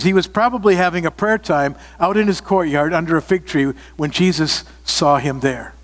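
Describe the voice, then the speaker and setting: A man's voice: on the high side, big-room sound. A man preaching a sermon, earnest and direct, often repeating phrases for emphasis and asking his listeners questions. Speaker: pastor.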